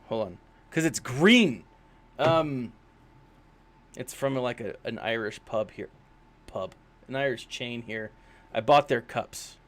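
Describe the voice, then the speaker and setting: A man casually commenting on a mobile game during a live stream, rambling and self-deprecating, with lots of fillers. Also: medium pitch. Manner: chatty, rambling, with many fillers.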